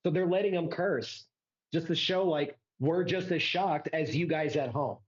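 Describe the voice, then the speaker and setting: A man co-hosting a casual wrestling talk show, speaking slowly and earnestly, filling his points with "like" and quoted lines. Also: on the high side. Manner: earnest, slow, builds arguments with "like" and quoted lines. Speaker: co-host. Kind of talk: casual wrestling review chat. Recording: roomy, slightly dull mic.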